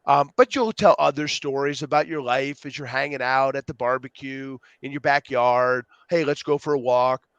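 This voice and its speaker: A man being interviewed as a youth program co-founder, explaining ideas with lively acted-out quotes. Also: medium pitch, moderate pace, hardly any pauses, smooth, dry recording, muffled recording. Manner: animated storyteller, acts out quotes. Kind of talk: podcast interview.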